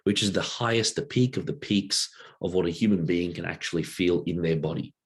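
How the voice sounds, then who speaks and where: A workshop presenter gives a casual teaching talk, loose and conversational, sketching a diagram as he explains. His low, slightly rough voice moves briskly, and he keeps checking in with rhetorical questions.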